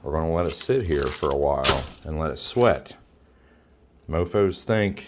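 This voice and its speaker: Deep-voiced man giving blunt kitchen instructions. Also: expressive, measured pace, a little hiss or hum. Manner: blunt, crude and repetitive, hammering on instructions. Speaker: home cook showing a recipe. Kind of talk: casual cooking tutorial. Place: home kitchen. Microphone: phone camera.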